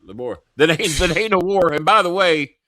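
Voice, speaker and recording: Animated profane talk-show host. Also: male voice, fairly high pitch, moderate pace, crowd noise. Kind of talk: casual political chat. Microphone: earpiece headset.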